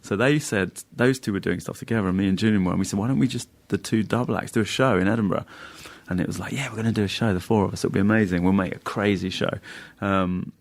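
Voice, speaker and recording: Low gravelly man telling rambling anecdotes. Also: fast talker. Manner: rambling anecdotes, mimics friends' voices, laughs often. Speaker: comedian guest. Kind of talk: casual podcast chat.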